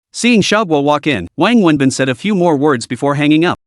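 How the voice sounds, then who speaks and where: A man reads a story recap as scripted narration. His voice sits a bit high and moves through a lively range of pitch, and the sound is close and dry. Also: a little fast, dry recording.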